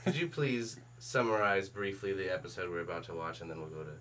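A man's voice: low-pitched, lively intonation, fast, a bit bright, a little hiss or hum. A man co-hosting a casual podcast, teasing the others with joking banter and moving the show along. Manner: joking, teasing, leads the segments. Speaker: podcast co-host.

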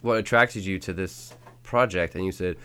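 A man with a lowish voice hosts a loose group podcast chat. He jokes dryly and swears freely, steering the talk between tangents. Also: normal speed, a bit bright, clean tone. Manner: joking, profane, wry banter. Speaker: podcast host. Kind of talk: casual chat.

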